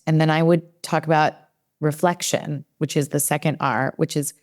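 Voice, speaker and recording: A woman's voice: sits low, fairly even intonation, moderate pace, darkish tone. A woman in her forties, a developmental psychologist, chatting in a podcast interview and acting out her own inner dialogue with many fillers.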